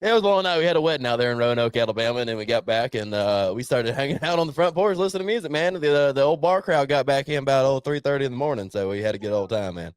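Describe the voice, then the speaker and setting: A man's voice: mid-range voice, lively intonation, racing, few pauses, clear, resonant tone, no room sound. A man co-hosting a podcast, talking in a laid-back casual way. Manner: laid-back drawl, says "man" a lot. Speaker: podcast co-host. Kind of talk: casual chat.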